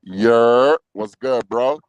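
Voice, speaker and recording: A man calling in to a boxing chat, talking in a relaxed way and laughing easily. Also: mid-range voice, very slow, dry recording, dull audio. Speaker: guest caller. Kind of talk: casual chat.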